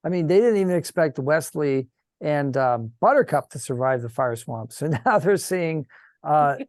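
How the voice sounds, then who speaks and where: A man's voice: fairly high pitch, expressive, normal speed, a little mellow, no room sound. A man narrating as game master of a tabletop game over a video call, rambling and correcting himself.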